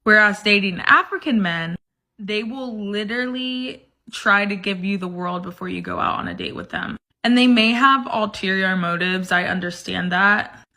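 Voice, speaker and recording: A woman's voice: medium pitch, lively intonation, moderate pace, bright, forceful tone. A woman giving sassy, teasing opinions in a casual vlog.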